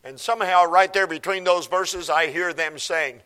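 A man's voice: high-pitched, moderate pace, pushed and bright, clean tone. A man preaching a sermon, reading scripture aloud and commenting on it, asking the congregation for an amen. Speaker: pastor.

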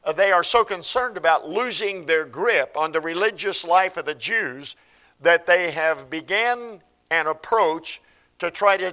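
Man, pastor, sermon, slightly high voice, unhurried delivery, reads scripture aloud. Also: pushed and bright. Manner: reads scripture aloud and comments, calls for amen.

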